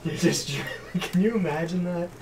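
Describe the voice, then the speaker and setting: A man hosts a card break, rattling off teams and cards with a jokey, easygoing patter. He sits back from the microphone, so he sounds distant. A clear hum of room noise runs behind him. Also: high-pitched, normal speed. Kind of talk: casual live card-break chat. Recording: distant mic with noisy room.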